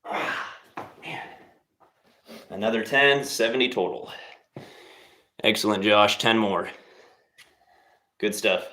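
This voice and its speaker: A man's voice: on the low side, slow, long pauses, pushed and bright. A young man hosting a live stream, chatting casually between workout sets and teasing his viewers in a laid-back, motivational way. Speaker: livestream host.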